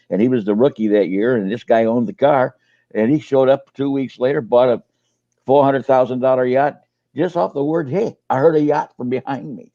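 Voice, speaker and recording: A man's voice: mid-range voice, dark tone, dry recording, muffled recording. An older man and co-host, telling folksy sales stories in a casual webinar chat, often repeating his words. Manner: folksy storyteller, repeats words, uses fillers.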